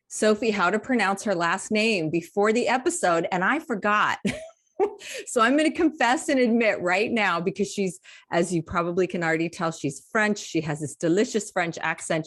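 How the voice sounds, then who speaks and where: A woman co-hosting a casual podcast, chatting with warm enthusiasm. She gushes while she introduces a guest and laughs easily between sentences. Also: medium pitch. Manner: gushing, laughs often. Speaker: podcast co-host.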